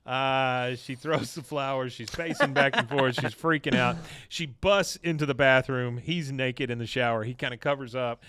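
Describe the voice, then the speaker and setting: A man's voice: medium pitch, normal speed, hardly any pauses, pushed and bright, clean tone, no echo. A man hosting a podcast, recapping a cartoon episode in a casual, rambling way with lots of fillers. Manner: rambling, with many filler uh's. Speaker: podcast host.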